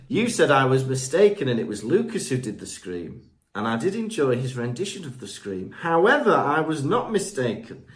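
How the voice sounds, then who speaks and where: Reading listener reviews aloud on a remote podcast mic, this male co-host chats along with fillers and fumbles the names. He speaks at normal speed with a medium pitch and a very animated delivery.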